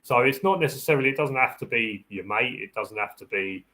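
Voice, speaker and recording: A man's voice: medium pitch, lively intonation, fairly quick, sharp tone, poor audio. A man, a security dog handler hosting a live Q&A, giving practical advice in a casual, rambling way. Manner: practical and chatty, repeats and restarts phrases; acts out the dog's thoughts in a raised voice.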